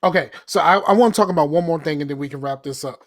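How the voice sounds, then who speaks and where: A man co-hosts a podcast and talks in a relaxed, rambling way, swearing now and then. His voice sits a little high for a man. The recording is dry and close-miked. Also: fast talker, no echo. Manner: laid-back, rambling, swears casually. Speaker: podcast co-host. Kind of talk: casual chat.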